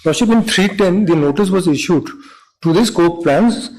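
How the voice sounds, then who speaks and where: A man, a government lawyer making halting, deferential submissions in court. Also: sits high, a little mellow, rough recording. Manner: deferential, halting, repeats "Lordship". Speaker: government counsel.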